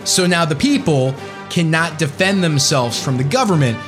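Sarcastic male commentary host, lively swooping voice, fairly high, faint music behind. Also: moderate pace. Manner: sarcastic, emphatic, jokey. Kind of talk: ranting political commentary.

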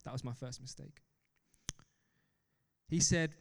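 A young man delivers a sermon in a large church hall, his smooth, clear voice trailing into a long reverb. He talks in an animated way and breaks off for self-mocking laughs. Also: medium pitch, brisk, pauses often. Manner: animated, laughs often, self-deprecating asides. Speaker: preacher.

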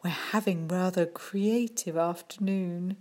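A woman's voice: lowish voice, steady tone, measured pace, a little mellow. A woman voicing a sugary, scheming storybook teacher. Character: sweet-voiced scheming female teacher, secretly a monster.

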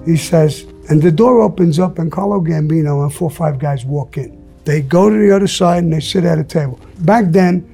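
Soft music plays behind a fairly quick, slightly high male voice that's warm with some vocal fry. He's an interview guest, a profane and blunt storyteller who acts out what people said.

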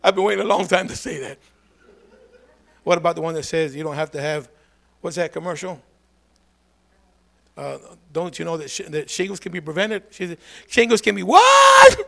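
A man preaching a lively call-and-response sermon, swinging from low asides to shouted calls for a response. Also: fairly quick, vocal fry, long pauses.

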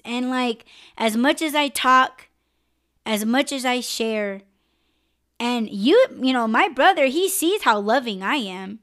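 A woman's voice: fairly high pitch, expressive, slow, a bit bright. A woman hosting a live-stream podcast, talking candidly and emotionally and swearing freely. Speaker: podcast host.

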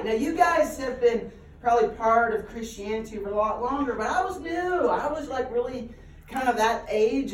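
A man's voice: extremely high pitch, a little hiss or hum. Man, preacher, humorous self-deprecating storytelling, roomy echoey hall, heard from a distance.

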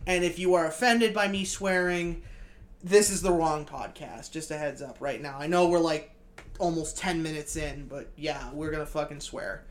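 Man with a high, girlish-sounding voice. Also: normal speed. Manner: rambling, self-deprecating, swears freely. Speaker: podcast co-host. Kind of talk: casual podcast chat.

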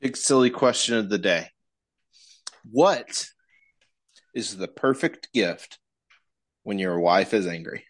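A lower-voiced man co-hosts a casual show over a video call. He is agreeable and chatty, and he backs the host up with quick affirmations. The sound is dry and close. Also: animated, no echo. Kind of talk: casual chat.

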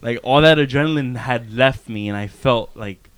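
A man's voice: mid-range voice, moderate pace, fairly bright tone, clear, resonant tone, no room sound. A young man telling a story in casual chat, slangy and laid-back, often repeating his words.

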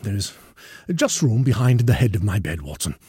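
Sick detective, voiced by a man: feeble, halting, whispery, then commanding, dry close sound. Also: on the low side, animated, dark tone, slightly rough, no room sound. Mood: weak. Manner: weak, halting, often whispered, rising to urgent pleas.

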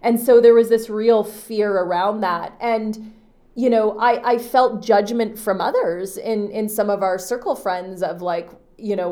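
A woman in her thirties hosting a podcast, talking earnestly and from the heart about a personal experience, often pausing on "you know" and restarting her sentences. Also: mid-range voice, darkish tone. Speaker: podcast host. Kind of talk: personal reflective monologue.

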